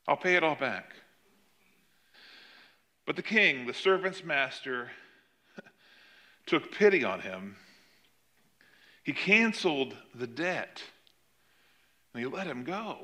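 A middle-aged man preaching a sermon, telling the story with animated swings between loud emphasis and quiet asides. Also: fairly high pitch, takes it slowly, pauses often. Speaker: pastor.

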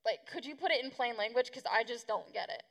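Bold blurting young man, slangy, high gravelly as a woman puts him on, hall reverb. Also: quick pace, a bit bright. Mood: sheepish.

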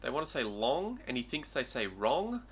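A man's voice: medium pitch, big pitch swings, normal speed, husky. A man co-hosting a podcast, dryly recounting film scenes in casual chat. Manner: dry, recounts scenes in acted quotes. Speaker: podcast co-host. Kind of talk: casual movie review chat.

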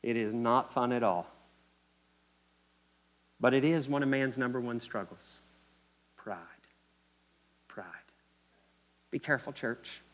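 Kentucky pastor preaching with emphatic repetition. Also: male voice, medium pitch, slow pace, long pauses. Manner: emphatic, repetitive, addresses the congregation directly. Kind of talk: sermon. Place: church.

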